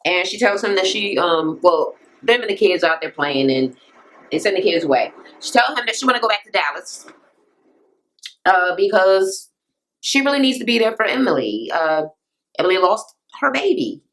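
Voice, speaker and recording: A woman's voice: mid-range voice, normal speed, rough recording. Profane, blunt woman ranting a recap. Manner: profane, blunt, animated, acts out quotes. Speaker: reality TV recap vlogger.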